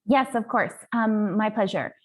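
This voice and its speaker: Woman panelist, slow and deliberate, teaches and stresses key points, video-call mic. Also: medium pitch. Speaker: infection control panelist. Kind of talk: explanatory webinar answer.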